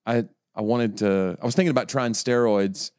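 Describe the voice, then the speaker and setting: A man appearing as a comedian guest on a podcast, chatting casually and trading quick wisecracks. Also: lowish voice, steady tone, darkish tone, clean tone, no echo, clean studio sound.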